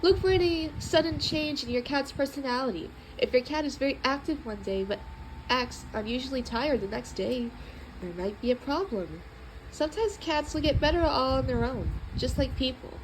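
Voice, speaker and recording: A woman reading a children's book aloud in an expressive, playful way. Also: sits high, moderate pace, background noise. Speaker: storybook reader.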